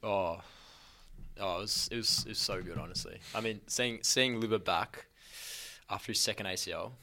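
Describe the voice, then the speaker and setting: A man's voice: on the low side, moderate pace, creaky, sharp tone. An Australian man co-hosting a casual sports podcast, an enthusiastic fan talking with a sore throat. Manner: enthusiastic, jokey fan talk. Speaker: podcast co-host. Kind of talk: casual chat.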